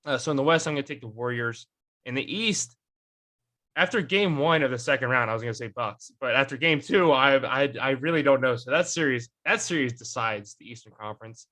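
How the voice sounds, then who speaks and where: Bright-voiced young man hosting a podcast. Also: medium pitch, fairly quick. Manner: rambling, many fillers and restarts. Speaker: podcast host. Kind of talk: casual sports chat.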